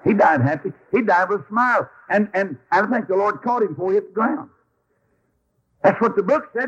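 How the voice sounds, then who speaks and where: A man's voice: high-pitched, lively intonation, brisk, fairly bright tone, slightly rough, highs cut off. A man preaching a sermon in a folksy, emphatic storytelling way. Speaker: Baptist preacher.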